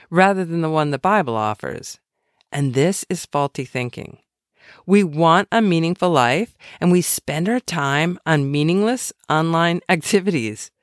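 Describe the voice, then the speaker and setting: Woman reading her own faith book out loud, bouncy expressive voice, chatty with wry little asides, dry close sound. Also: low voice, no room sound.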